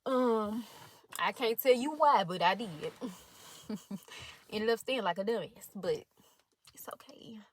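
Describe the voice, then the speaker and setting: A storytime vlogger in college, this young woman takes it slowly and pauses often, her mid-range voice recorded with no echo. Her retelling is animated, blunt, and profane as she reads messages other people sent each other.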